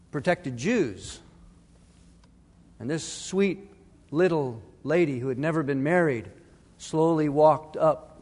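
Middle-aged guy preaching a sermon, kinda high voice, big reverby church hall. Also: darkish tone. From Arizona. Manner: earnest, conversational preaching with restarts. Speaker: pastor.

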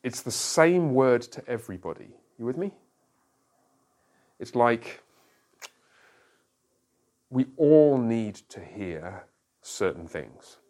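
A man's voice: medium pitch, lively intonation, slow, long pauses, a little mellow. A middle-aged man, a pastor, teaching a church class in a conversational way and often checking that listeners follow.

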